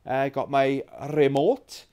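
A man from England hosting a gaming vlog, telling stories in a rambling, animated way and swearing freely. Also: mid-range voice, measured pace, muffled recording. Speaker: gaming channel host. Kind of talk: casual storytelling vlog.

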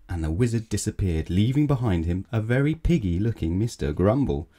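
A man reading a children's bedtime story aloud in a gentle, measured way. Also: lowish voice, very animated.

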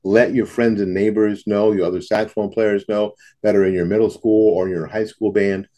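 Saxophone students get a laid-back, folksy lesson from a man talking to camera in his home studio before a backdrop, where he frequently repeats himself and vocalizes rhythms by scatting. His lowish voice is warm and steady at a moderate pace.

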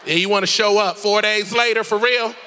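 A man preacher voicing a sassy, indignant woman who scolds loudly and refuses to leave the house. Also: high-pitched, fairly even intonation, brisk, a little hiss or hum. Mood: annoyed.

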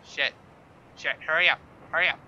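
Excitable young man narrating a game. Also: a little high, normal speed, lo-fi sound, a crowd in the background. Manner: excitable, swearing, repeats words in sing-song chants. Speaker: gaming video host. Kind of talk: casual let's-play commentary.

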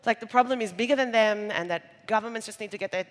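A woman's voice: a little high, fast talker. A woman with an Australian accent giving a conference keynote on stage, conversational and jokey, with playful asides to the audience. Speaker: conference speaker. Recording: live talk in a large reverberant hall.

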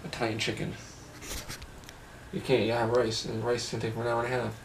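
A man's voice: medium pitch, monotone, a little fast, creaky, slight background noise. A man chatting casually at home with his wife, laid-back and joking. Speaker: husband of the vlogger. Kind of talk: casual family chat.

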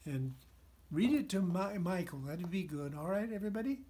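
A man in a pirate-captain role reading a children's story aloud to a puppet, with expressive, playful delivery. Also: high-pitched, moderate pace.

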